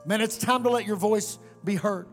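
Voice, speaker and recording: A male pastor preaching a fiery sermon to a congregation, sometimes shouting and chanting his lines. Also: high voice, normal speed, big-room sound, faint music behind. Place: church sanctuary.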